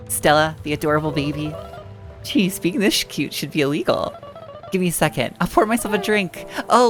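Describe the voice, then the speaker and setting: A woman voicing a rambling, gentle younger sister, with game music behind. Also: medium pitch, close to an everyday voice. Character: chatty loving younger sister at a hospital bed.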